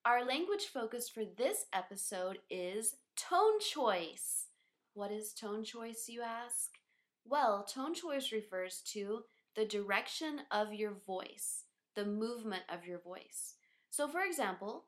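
A woman hosting a podcast for English learners, interviewing a guest and explaining a lesson in a clear teaching tone. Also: fairly high pitch, animated, takes it slowly.

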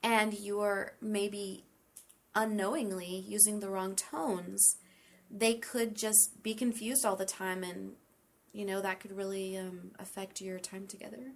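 A woman explains English speech patterns in a loose, conversational way. Her voice sits at a middle pitch, and she works through example after example. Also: level tone, unhurried, gravelly. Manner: explains with many examples and light laughter. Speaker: English pronunciation teacher. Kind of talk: casual teaching chat.

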